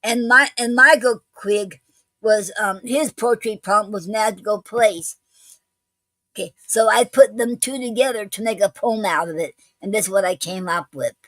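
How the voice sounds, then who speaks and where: A woman's voice: mid-range voice, normal speed, sharp tone, dry recording, poor audio. A woman hosting a poetry show, reading poems aloud and chatting between them with many hesitant fillers and restarts.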